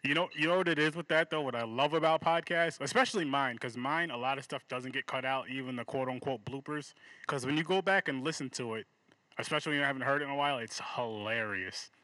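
A man's voice: mid-range voice, fast talker, pushed and bright, no echo, poor audio. A man hosting his own podcast, easygoing and chatty, laughing often. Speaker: podcast host. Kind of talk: casual podcast chat.

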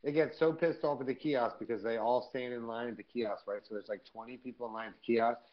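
Profane, animated man on a podcast. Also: medium pitch, fast talker, lo-fi sound. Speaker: podcast co-host. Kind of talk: casual chat.

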